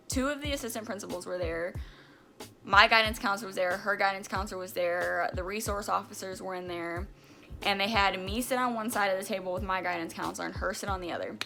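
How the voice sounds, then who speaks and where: A young woman tells a personal story to her camera in an animated, emphatic way, dropping casual swear words as she goes. Her voice has a bright, sharp edge, and faint music plays underneath. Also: medium pitch. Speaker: vlogger. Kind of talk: storytime vlog.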